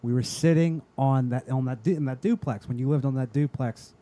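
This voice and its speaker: A man's voice: mid-range voice, a little fast, mellow. A man in casual podcast chat, recounting a shared memory in matter-of-fact detail.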